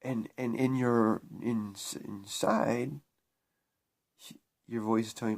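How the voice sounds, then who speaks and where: A man's voice: mid-range voice, takes it slowly, vocal fry, darkish tone, slightly rough. Man preaching a spiritual vlog monologue. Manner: preachy, repetitive, emphatic restarts. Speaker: spiritual vlogger.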